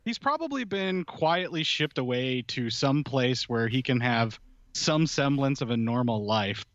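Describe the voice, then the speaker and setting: A man's voice: mid-range voice, lively intonation, measured pace, a bit bright, no echo, muffled recording. A man chatting casually on a podcast, sarcastic and mocking, swearing freely. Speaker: podcast co-host. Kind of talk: casual political chat.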